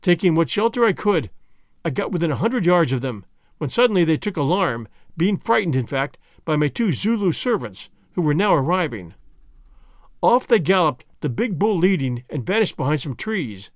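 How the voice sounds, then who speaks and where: A man reading a first-person adventure story aloud with an expressive, dramatic delivery. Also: a little high, normal speed, dry recording, clean studio sound. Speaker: audiobook reader.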